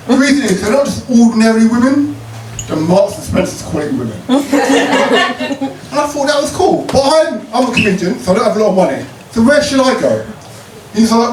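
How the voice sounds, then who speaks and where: A cheeky, punchy stand-up comedian from Croydon in South London works the crowd, leading call-and-response with big, wide pitch swings, a measured pace and long pauses. The recording sounds roomy and a bit distant, like a club stage with lots of noise around him.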